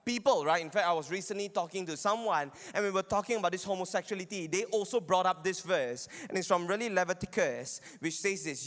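A man's voice: high voice, a little fast, hardly any pauses, a bit bright. A man giving a teaching sermon, arguing his points and checking in with listeners. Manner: argumentative, often asks listeners "right?". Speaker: Bible teacher. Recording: long hall reverb.

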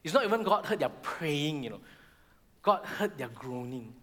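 A middle-aged man, preaching a sermon in a church hall and acting out voices in animated bursts. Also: normal speed. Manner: animated, acts out the Israelites' complaints in high voices. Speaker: pastor. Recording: long hall reverb.

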